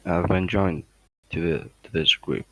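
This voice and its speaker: A man's voice: low-pitched, a little slow, husky, no echo, rough recording. A man from Algeria making brief, friendly small talk on a voice call. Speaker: stranger on a voice chat.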